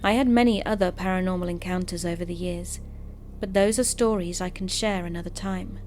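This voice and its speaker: A woman hosting a channel and calmly narrating scary stories in a steady storytelling voice. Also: on the low side, brisk, faint music behind. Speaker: host and narrator of horror stories. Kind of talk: scripted horror story narration.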